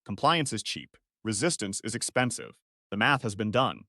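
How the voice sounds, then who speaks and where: A man's voice: lowish voice, lively intonation, normal speed, pushed and bright, dry recording, clean studio sound. A man narrating a first-person science-fiction story in clipped, analytical sentences.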